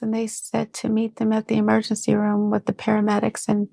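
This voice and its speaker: A middle-aged woman telling her own life story as a podcast guest. She speaks haltingly, restarting sentences and acting out the voices of the people she quotes. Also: medium pitch, completely flat delivery, vocal fry, dark tone. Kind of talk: personal testimony.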